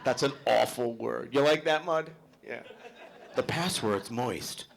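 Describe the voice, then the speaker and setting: A man's voice: medium pitch, measured pace, gravelly, slight background noise. A middle-aged male stand-up comic doing a live set, brash and profane, teasing people in the audience. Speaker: stand-up comedian. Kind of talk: live stand-up comedy with crowd work.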